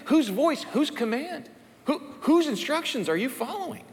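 A male pastor preaching a sermon, dropping to hushed low emphasis and then rising high and excited when he reads dialogue aloud. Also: a little slow. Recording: reverberant church hall.

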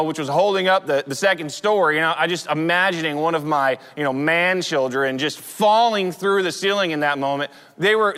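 Man, 40s, pastor, sermon, conversational storytelling, high-pitched, long hall echo. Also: bright, forceful tone, clean tone. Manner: conversational storytelling with frequent restarts.

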